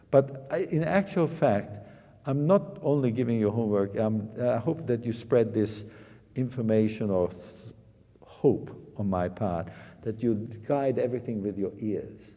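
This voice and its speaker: A man teaching a piano master class, singing musical phrases on syllables to show the playing, often repeating words and restarting sentences. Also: mid-range voice. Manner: sings phrases on syllables to demonstrate. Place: concert hall. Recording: reverberant hall with loud piano.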